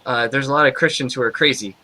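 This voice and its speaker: A man who works as a Christian therapist, chatting as a guest and telling stories in a lively way. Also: medium pitch, fast talker, rough recording. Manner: lively storyteller, laughs easily. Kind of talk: casual chat.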